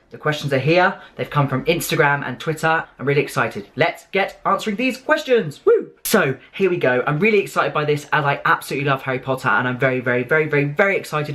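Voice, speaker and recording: A young man, chatting to camera as a vlogger in a hyper, gushing way with bursts of squealing excitement. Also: on the high side. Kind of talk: casual chat to camera.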